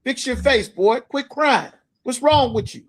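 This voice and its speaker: A man's voice: very high voice, animated, exaggerated voice. Man playing a stern scolding father. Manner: scolding, rapid-fire questions. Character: stern scolding father talking to his son.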